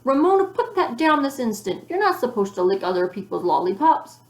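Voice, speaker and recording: A woman's voice: mid-range voice, a little fast, gravelly, lightly acted. Woman doing an earnest, bossy older sister. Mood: scolding. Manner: earnest, scolding. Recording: roomy echo.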